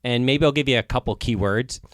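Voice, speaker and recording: A man co-hosts a casual podcast, ribbing his partner and spinning playful stories. His voice is smooth and resonant at a middle pitch. The sound is dry and close, with no room echo. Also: a little fast, fairly bright tone. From Northern Ontario, Canada. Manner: joking, teasing storyteller. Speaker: podcast co-host. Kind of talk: casual chat.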